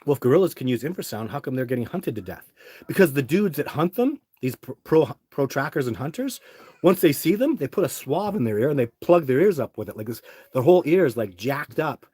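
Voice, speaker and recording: This middle-aged streamer tells sprawling tales to his live chat, stumbling and restarting with plenty of filler words. He has a warm, slightly rough, medium-pitched voice, very animated and a little fast, on a dry recording.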